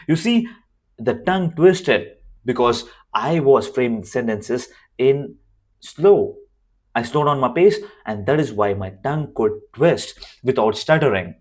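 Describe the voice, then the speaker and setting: A man with a worn, hoarse voice giving an unscripted to-camera lesson as a communication coach, emphatic and repeating his key phrases. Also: mid-range voice, expressive, measured pace, darkish tone.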